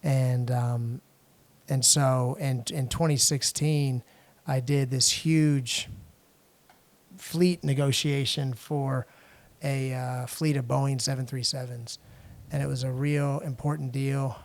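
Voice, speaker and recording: A middle-aged man from the United States, a podcast guest telling a personal story in a halting way, with frequent restarts and fillers. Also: medium pitch, fairly even intonation. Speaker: podcast guest, international lawyer.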